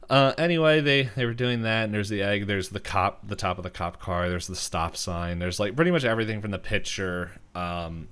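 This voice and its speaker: A man's voice: lowish voice, fairly quick, hardly any pauses, a bit bright, clean tone. A man hosting a podcast, casually recapping a cartoon episode in a rambling way with lots of fillers. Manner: rambling with many fillers and laughs. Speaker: podcast host.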